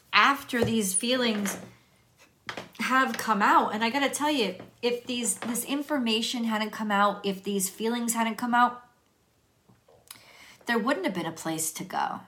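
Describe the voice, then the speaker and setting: A woman's voice: fairly high pitch, fairly bright tone. A woman doing a tarot reading in a chatty, casual way, laughing often and restarting her sentences. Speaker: tarot reader.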